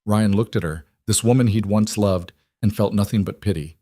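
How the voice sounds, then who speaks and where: A man narrating a scripted story in a measured, even way. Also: on the low side, no echo, studio quality.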